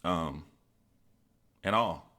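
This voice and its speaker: A man's voice: low voice, extremely slow, bright, forceful tone. A man hosting a live stream, telling stories in a casual, profane, rambling way and reading out viewer chat.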